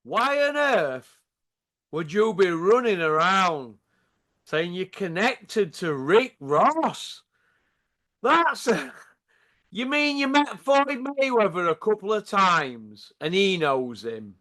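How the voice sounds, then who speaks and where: A man's voice: high-pitched, very animated, takes it slowly, sharp tone. A man with a Yorkshire accent delivering a sarcastic, taunting rant to camera, full of rhetorical tag questions. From Yorkshire, England. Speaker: channel host.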